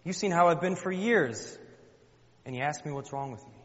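A man's voice: medium pitch, level tone, very fast, close to an everyday voice. A man voicing an anguished, accusing woman. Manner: raised, anguished accusing outbursts. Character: grieving, bitter childless woman pleading. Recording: dull sound with long hall reverb.

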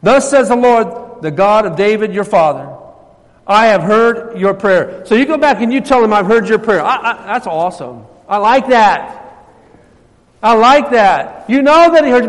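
A preacher man with a high voice delivers a sermon, rising to loud emphasis and dropping to near-hushed tones. His voice rings with the long reverb of a church hall. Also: expressive, normal speed. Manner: swings between loud emphasis and soft, hushed passages. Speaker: pastor.

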